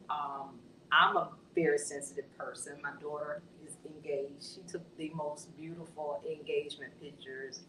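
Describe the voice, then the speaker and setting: A middle-aged woman pastor hosting a candid panel conversation, expressive and playful with colloquial asides. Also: low-pitched, echoey room, far from the mic, slight background noise, rough recording. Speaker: pastor and host.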